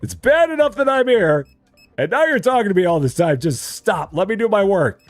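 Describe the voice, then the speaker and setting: A man's voice: very high-pitched, sing-song, unhurried, dry recording, soft background music, voice pushed up, heavily acted. A man voicing a grumpy, reluctant male store worker who sulks and complains. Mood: grumbling. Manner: sulky, complaining.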